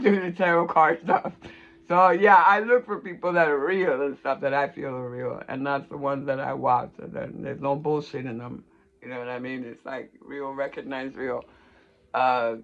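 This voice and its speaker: A woman's voice: low-pitched, a bit bright, muffled recording. A woman in a casual, rambling monologue who swears freely and laughs mid-sentence. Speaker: vlogger on astrology and tarot.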